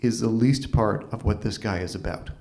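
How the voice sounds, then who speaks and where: A man playing a calm older manager, firm, flat, repetitive, slightly lower. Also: moderate pace, natural voice.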